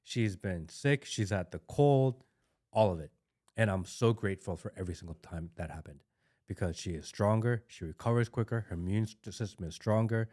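A man with a low voice speaking as a guest on a relaxed podcast. He talks bluntly and with conviction, driving his points home by repeating key words. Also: moderate pace. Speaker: podcast guest, father of an infant. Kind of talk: casual podcast conversation.

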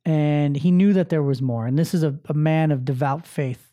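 Emphatic, mellow-voiced male podcast host. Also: a little high, moderate pace. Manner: emphatic, profane, repeats phrases for stress. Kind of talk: casual motivational monologue. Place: filming himself on camera.

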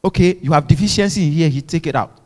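This pastor's voice is a little high and quick-paced as he preaches fervently, exhorting the church to echo his lines. The recording has a big-room sound.

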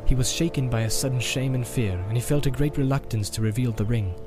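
A man reading a fantasy novel aloud as narrator, even and unhurried. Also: medium pitch, over music. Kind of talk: audiobook narration.

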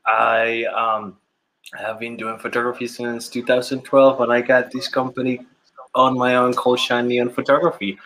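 A man's voice: medium pitch, completely flat delivery, normal speed, fairly bright tone, slight background noise, low-quality recording. A man from Panama with a Panamanian English accent, a guest on a podcast, telling stories in a casual chat. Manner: chatty storyteller who mimics voices in quotes.

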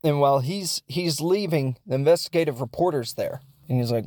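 A man's voice: fairly high pitch, fairly quick, darkish tone. A man recapping a foreign film in a rambling, jokey way with lots of asides. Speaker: film reviewer.

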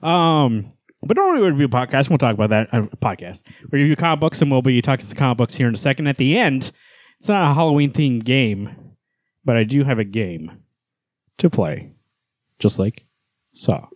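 A man's voice: mid-range voice, expressive, fairly quick, dry recording, studio quality. Rambling podcast co-host man. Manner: rambling, laughs often, swears casually. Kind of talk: casual chat.

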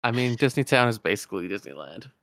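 A man's voice: fairly low pitch, animated, fast talker, a bit bright, no room sound. Man casually retelling a game plot. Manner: rambling, self-correcting. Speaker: storyteller.

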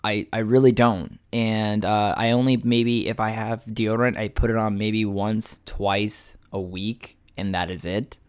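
A man's voice: fairly low pitch, steady tone, measured pace, hardly any pauses, clean tone. A man talking straight to the camera in a casual, rambling vlog monologue, full of fillers, restarts and swearing, laughing at himself. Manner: self-mocking, laughs at his own story. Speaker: vlogger.

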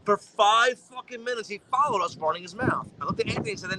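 A man's voice: sits high, quick pace, background noise. A man telling profane anecdotes in casual chat, acting out the voices of people in his stories. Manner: animated, acts out voices in anecdotes.

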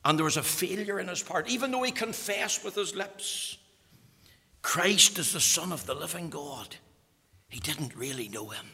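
A man preaching a fervent sermon, swinging between loud declarations and hushed whispers. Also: a little high, lively intonation, moderate pace, slightly rough, in a large hall.

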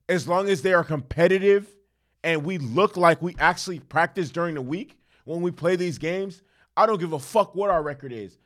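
A man's voice: high voice, fairly bright tone. Heated young man ranting about football. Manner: heated, swears, many restarts and fillers. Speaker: sports commentator, football fan. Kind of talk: casual sports recap and rant.

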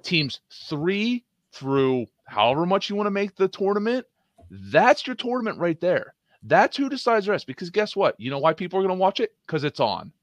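A man's voice: high-pitched, very animated, normal speed, no echo. A man co-hosting a sports talk show, arguing his case with emphatic rhetorical questions and punchy commands. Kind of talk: opinionated sports debate.

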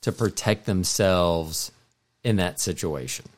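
A man's voice: deep voice, slow. Rambling middle-aged male podcast host. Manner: meandering, frequent restarts and self-corrections. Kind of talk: casual rambling monologue.

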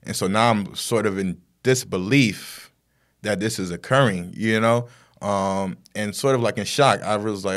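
A man's voice: lowish voice, a little slow. A man talking as a guest, telling a story in a rambling casual way with lots of fillers and tag questions.

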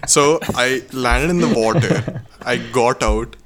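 A man's voice: mid-range voice, slow pace, a bit bright. A young man from India, a podcast co-host, telling a story in casual chat and tagging sentences with "okay?". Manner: rambling, tags sentences with "okay?".

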